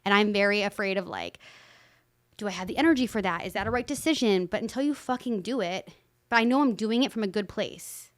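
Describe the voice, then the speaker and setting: A woman's voice: mid-range voice, a little fast. A woman guest on a podcast, speaking openly and emphatically in casual conversation, swearing freely.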